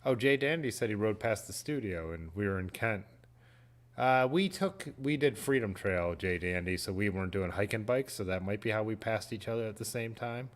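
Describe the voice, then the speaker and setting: A man's voice: on the low side, expressive, normal speed. A man, hosting a casual livestream, reading viewer comments aloud and chatting in a laid-back, rambling way. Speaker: livestream host.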